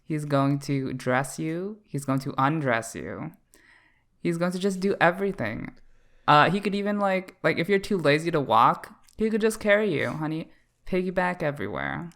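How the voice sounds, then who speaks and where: Campy bright-voiced man. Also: on the high side, lively intonation, normal speed. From Canada. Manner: campy, playful and teasing. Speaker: podcast co-host. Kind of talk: casual chat.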